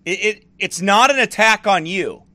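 A middle-aged man, a pastor, ranting in fiery preaching style with shouted bursts and mocking asides. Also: high-pitched, lively intonation, normal speed, dry recording. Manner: fired-up, shouting bursts, mocking soft baby talk.

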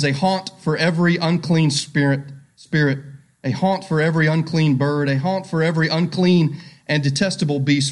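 Brief: male pastor, sermon delivery, somewhat high-pitched, emphatic, rises loud then drops to a hush. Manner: emphatic, swings between loud and hushed; addresses listeners directly with questions. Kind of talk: sermon with scripture reading.

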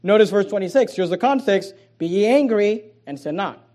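A man, a pastor, preaching a sermon, swinging between soft low asides and loud emphatic lines, with frequent repeated words and restarts. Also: expressive, normal speed.

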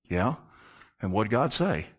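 A preacher voicing a calm, assured man. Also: on the low side, slow pace, heavily acted. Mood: reassuring. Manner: patient questioning. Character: calm, assured man reassuring a nervous friend.

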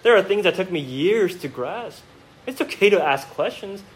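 A man preaching a sermon from the pulpit of a church, his voice pitched a little high and his intonation rising and falling in wide swings. He speaks straight to the congregation with rhetorical questions. He moves between quiet, reflective moments and impassioned, emphatic bursts. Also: animated, normal speed, slight background noise, poor audio. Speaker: pastor. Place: church sanctuary.

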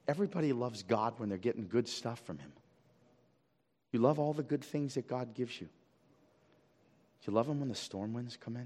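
In a church sanctuary with the long reverb of a church hall, a male pastor preaches a sermon. He swings between loud, emphatic peaks and quiet, low pleading, putting rhetorical questions to the congregation.

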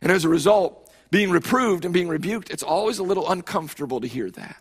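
Husky-voiced man preaching a sermon. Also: high-pitched, animated, fast. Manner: emphatic preaching with frequent repetitions and restarts. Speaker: pastor.

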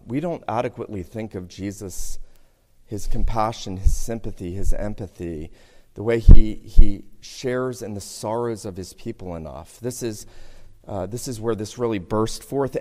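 Mann predigt in hallender Kirche. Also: male voice, lowish voice. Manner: preaching with swings between loud emphasis and hushed, slowed passages. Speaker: pastor. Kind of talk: sermon. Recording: hall reverb, sermon in a church.

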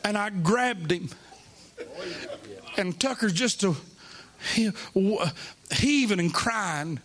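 A man's voice: high voice, lively intonation, slow. A middle-aged man with a Southern US accent preaching a sermon, telling a folksy story with humor and rising to fervent, emotional delivery. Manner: emotional, rising to shouting fervor.

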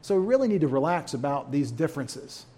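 A man's voice: a little high, sing-song, fairly quick, warm tone. A man leading a church Bible study in a folksy, conversational way, with humorous asides.

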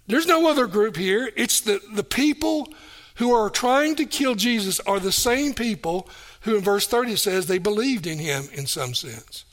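A man's voice: high voice, lively intonation, normal speed. A man preaching a sermon, reading scripture aloud and explaining it verse by verse, repeating key phrases for stress.

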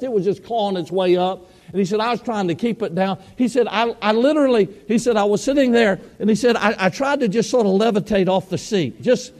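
A man preaching a sermon, telling a story in an animated way and acting out the people in it. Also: high voice, big-room sound.

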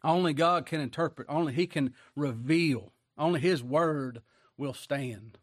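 A man's voice: fairly high pitch, a little slow, no room sound, studio quality. A man preaching a conversational sermon, often asking his listeners rhetorical questions.

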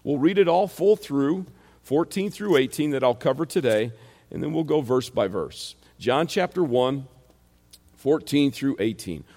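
A man's voice: mid-range voice, a little mellow. A man with a rural American accent preaches verse by verse in an emphatic voice that sits in the middle of the male range. He drives his points home with rhetorical questions. His voice rings out with a long reverb, as if from a church sanctuary. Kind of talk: expository sermon.

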